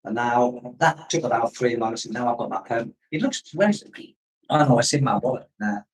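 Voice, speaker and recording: A man's voice: mid-range voice, normal speed, recorded from a distance, poor audio. A man talks freely in a casual live-stream chat, drifting from one story to the next. He keeps breaking off to answer comments from viewers, in an easygoing, unscripted way. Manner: rambling, chatty, reads out viewer comments. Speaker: expat livestream host.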